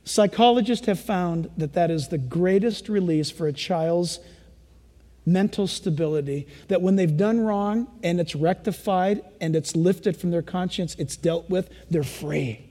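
High-voiced man preaching in a hall. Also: moderate pace. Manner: animated preaching, acts out kids and parents. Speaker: pastor. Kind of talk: sermon.

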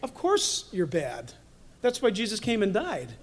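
A man's voice: sits high, huge pitch swings, unhurried. A man preaching a sermon as pastor, telling stories animatedly with humorous asides.

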